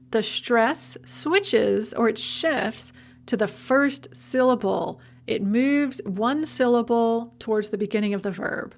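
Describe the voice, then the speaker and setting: A woman giving a recorded university language lecture, explaining in a chatty, informal way with quick asides. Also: a little high, gravelly. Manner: slow, stressed demonstration of spoken forms.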